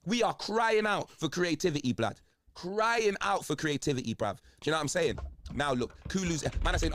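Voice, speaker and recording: A man's voice: fairly high pitch, lively intonation, a little fast, a little hiss or hum. A young man with a London accent, ranting in slang-heavy football banter, his voice congested. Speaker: football video host.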